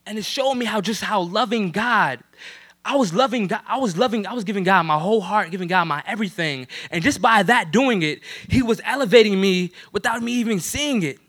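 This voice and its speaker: A man's voice: high voice, a bit bright. A young man from New Jersey giving a personal church testimony in casual slang, with lots of "you know what I'm saying".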